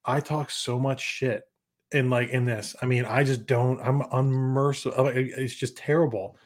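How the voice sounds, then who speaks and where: A man in casual sports chat, rambling and profane, talking fast in bursts and breaking down fantasy football picks with confidence. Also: mid-range voice, fairly even intonation. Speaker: podcast guest.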